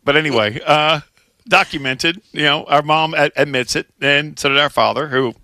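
A man co-hosting a sports talk show, chatting excitably and stumbling over his words. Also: a little high, normal speed, dry recording. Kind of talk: casual studio chat.

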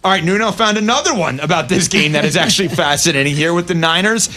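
A man's voice: a little high, fast, soft background music. A man co-hosting a sports talk show, bantering casually and laughing easily. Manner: lively, laughs easily, playful. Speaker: sports radio co-host.

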